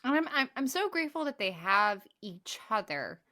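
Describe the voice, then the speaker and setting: A woman co-hosting a podcast in casual chat, animated and laughing often as she talks. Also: medium pitch, moderate pace. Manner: animated, laughs often, swears when worked up. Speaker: podcast co-host.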